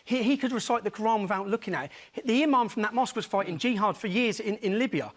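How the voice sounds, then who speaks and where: A man, a guest in a heated television debate, speaks high for a man and rushes his words. He is insistent and keeps talking over the host. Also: fairly bright tone. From England. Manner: insistent, talks over the host, repeats demands to finish.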